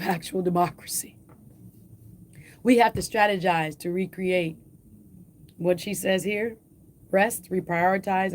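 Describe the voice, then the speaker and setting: A woman host with a Jamaican accent, reading an editorial aloud and commenting on it, slowing down and lifting her voice on key phrases. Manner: emphatic, slows and lifts pitch on key phrases.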